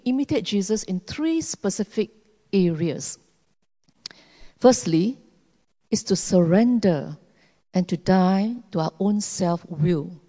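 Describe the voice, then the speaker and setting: Slow, mellow woman preaching in reverb. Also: mid-range voice. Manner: slow, earnest delivery with long pauses. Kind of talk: sermon. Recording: long hall reverb.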